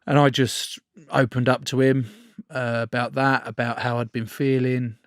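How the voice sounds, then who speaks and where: A man in his thirties speaks as a podcast guest, blunt and sweary with a self-mocking edge. His pitch sits mid-range for a man, and the sound is close and dry with no room echo. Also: flat delivery, normal speed, clean tone. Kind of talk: candid conversational storytelling.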